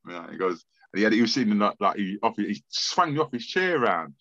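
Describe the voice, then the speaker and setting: Animated London man telling stories. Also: on the low side, quick pace, no echo, dull audio. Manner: animated, acts out quoted voices, frequent stammered restarts. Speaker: guest. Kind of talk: storytelling in a casual interview.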